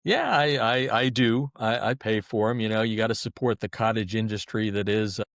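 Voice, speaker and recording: Chatty middle aged guy being interviewed, kinda low voice, keeps restarting sentences, dry. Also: moderate pace, gravelly, dry recording. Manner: talkative and folksy, with repeated restarts. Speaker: guest, sports website editor. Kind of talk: conversational interview.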